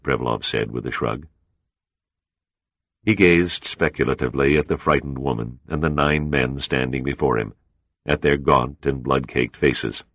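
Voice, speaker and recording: A man narrating a thriller audiobook in a measured, dramatic reading. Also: a bass voice, gravelly, fairly bright tone, no room sound. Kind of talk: scripted narration.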